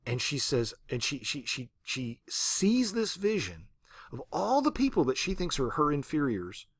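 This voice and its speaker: A man's voice: a little high, moderate pace, dry recording. A man lecturing on literature in a conversational way, often checking in with the class and acting out quotes. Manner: conversational, keeps asking the class "right?"; animated, acts out quotes. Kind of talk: recorded university lecture.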